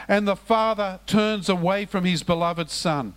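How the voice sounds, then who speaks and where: A man preaching a sermon as pastor, passionate, dropping to hushed lows and rising to raised, emphatic cries. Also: unhurried, few pauses, clean tone.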